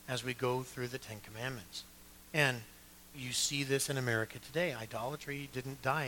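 A man's voice: on the high side, sharp tone. A man preaching a sermon as pastor of a church, building emphasis through repeated phrases and asking listeners to take notes.

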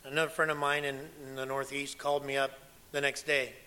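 A man preaching a sermon, telling stories with emphasis and swinging between a hush and loud, pressing delivery. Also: medium pitch, little pitch movement, a little fast. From United States. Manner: emphatic storytelling, dropping to a hush and rising loud. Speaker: pastor and former missionary.

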